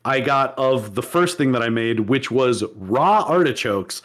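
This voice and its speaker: A man's voice: medium pitch, animated, a little slow, fairly bright tone. A man co-hosting a casual podcast, rambling and laughing at himself as he chats. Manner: rambling, laughs often, self-deprecating. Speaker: podcast co-host. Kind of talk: casual chat.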